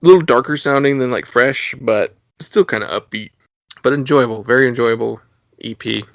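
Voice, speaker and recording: Talking about albums on a podcast he co-hosts, this man rambles casually, laughing often and using many fillers. His pitch is medium and his speed normal, captured in a dull, slightly lo-fi, dry recording without echo.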